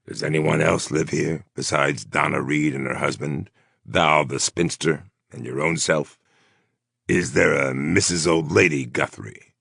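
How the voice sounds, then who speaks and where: A man voicing a menacing male gunman who mocks his captives in a slow, taunting way. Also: very deep voice, creaky, a bit bright, husky, dry recording, clean studio sound, heavily acted.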